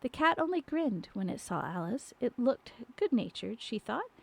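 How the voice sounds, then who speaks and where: A woman reading a storybook aloud on a live stream, unhurried, with small slips and restarts. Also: a little high, big pitch swings, gravelly, slightly rough. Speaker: storybook narrator.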